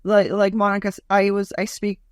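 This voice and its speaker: A woman's voice: medium pitch, fairly quick, clean tone, dry recording. A woman comedian speaking frankly and expressively on a talk show, her voice in the middle of the usual range. She rambles through stories, acting out what people said. The sound is close and dry, with little room around it. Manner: blunt, animated storytelling with lots of "like". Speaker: stand-up comedian and guest. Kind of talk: casual talk-show chat.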